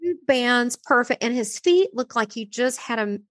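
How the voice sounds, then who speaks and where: A fairly high-voiced woman telling a personal spiritual story in an easy conversational way. Her pitch jumps and swoops as she gets animated. The sound is close and dry, with no room around it. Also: normal speed, no room sound.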